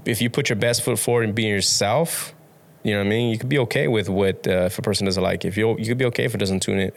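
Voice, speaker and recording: Rambling, low-voiced young man guest. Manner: rambling, restarts, swears casually, laughs often. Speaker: podcast guest. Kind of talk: casual interview chat.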